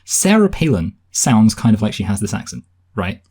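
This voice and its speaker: A man co-hosting a film review podcast, talking quickly in a casual, questioning way. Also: fairly low pitch, big pitch swings, warm tone, breathy edge.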